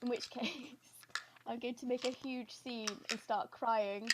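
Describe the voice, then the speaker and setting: A woman's voice: on the high side, fairly even intonation, measured pace, heavy background noise. Chatty woman player at a game table. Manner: chatty and apologetic. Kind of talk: casual tabletop play.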